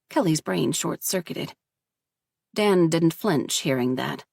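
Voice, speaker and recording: A woman reading a story aloud in steady, measured audiobook narration. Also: low-pitched, vocal fry, slightly rough, no room sound, clean studio sound.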